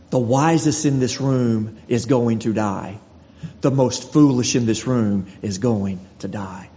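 A man preaching a sermon, earnest and full of rhetorical questions, dropping to quiet, slow lines for emphasis. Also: mid-range voice, animated. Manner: earnest, rhetorical questions, slows and drops to near-whisper for emphasis. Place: church sanctuary. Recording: dull recording with long hall reverb and faint noise.

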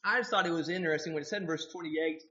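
A man preaching a sermon, swinging from hushed, quiet lines to loud, emphatic ones. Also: on the high side, rapid-fire, echoey room, muffled recording.

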